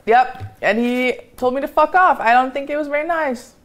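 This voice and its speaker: A woman's voice: high-pitched, normal speed. Playful, teasing woman co-host. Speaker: streamer host. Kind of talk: casual chat. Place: home kitchen.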